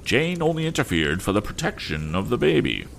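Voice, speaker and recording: Man doing a frazzled gentleman dad, helpless pleading, a bit raised. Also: mid-range voice, big pitch swings, fairly quick, gravelly, a little hiss or hum, pitched above the performer's own voice. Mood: desperate. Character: exasperated, desperate gentleman father.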